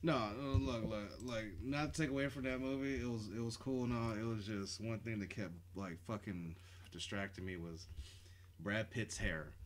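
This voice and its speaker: Low voiced dude cussing a lot on a podcast, bit of room noise behind. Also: male voice, moderate pace. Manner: swearing, animated when riled up. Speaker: podcast co-host. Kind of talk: casual chat.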